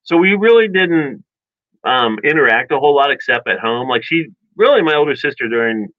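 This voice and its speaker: A man casually telling childhood stories in a rambling, animated way, with many restarts and chuckles. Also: medium pitch, brisk, no room sound. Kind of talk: casual storytelling chat. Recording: dull dry lo-fi sound.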